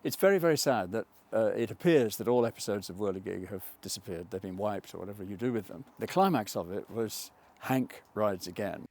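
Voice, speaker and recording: Older man musing, somewhat low-pitched. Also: expressive, brisk, few pauses, darkish tone, no room sound. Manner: thoughtful, digressive, with self-corrections. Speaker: film writer and interviewee. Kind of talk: reflective documentary interview.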